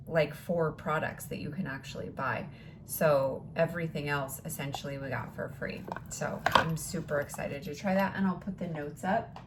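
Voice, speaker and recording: A woman talks slowly and chattily, with a slightly low voice, thinking aloud as she unboxes and sometimes slipping into a whisper. Faint room ambience hums behind her. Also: slight background noise. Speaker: unboxing vlogger. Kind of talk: casual product unboxing.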